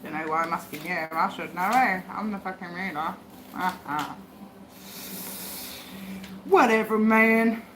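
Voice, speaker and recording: A woman's voice: on the low side, slow, pauses often, a bit bright, slight background noise. A woman reading tarot on a livestream, talking bluntly and swearing as she rambles to herself. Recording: echoey room with faint ambience.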